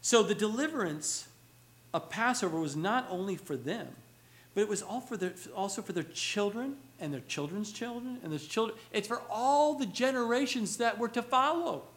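A man's voice: high-pitched, animated, normal speed, fairly bright tone. A man preaching a sermon as pastor, earnest and building to emphatic exhortation, now and then mimicking children's questions. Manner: acts out children's whiny questions.

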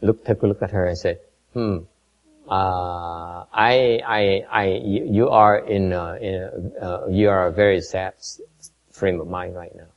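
Man, Buddhist teacher, lowish voice, halting storyteller who stumbles and repeats, muffled lo-fi recording. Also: steady tone. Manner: halting, repeats words, switches between two languages. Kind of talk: dharma talk with storytelling. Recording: dull lo-fi recording.

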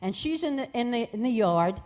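A woman guest telling a personal testimony in a lively way, acting out the voices of people in her story. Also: fairly high pitch, fairly quick. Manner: lively, acts out voices in quoted dialogue.

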